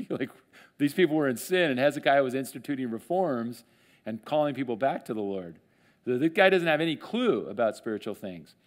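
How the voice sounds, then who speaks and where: A man teaching the Bible in church, with casual, lively talk. He slips into acted voices for the people in the story. His pitch sits in an ordinary middle range. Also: fairly quick. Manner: conversational, animated, acts out quotes with voices. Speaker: pastor. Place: church sanctuary.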